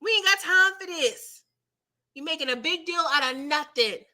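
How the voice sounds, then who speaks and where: A woman's voice: extremely high pitch, expressive, moderate pace, voice pushed up, exaggerated voice. A woman voicing a bossy woman boss who scolds with no patience. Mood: scolding. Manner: scolding, sharp, no-nonsense.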